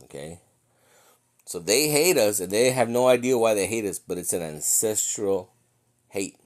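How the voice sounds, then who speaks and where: A man teaching scripture in an informal, conversational way, slowing down to read verses aloud and often checking in with his listeners. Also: lowish voice, animated. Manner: conversational, checks in with "okay?" and "right?". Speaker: bible teacher.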